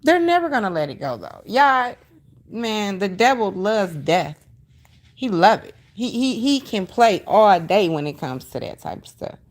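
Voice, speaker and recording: With a medium-pitched, very animated voice at a measured pace, this middle-aged woman hosts a casual livestream. She fields viewer comments with sass and emphasis, gets a little preachy, and reiterates her points.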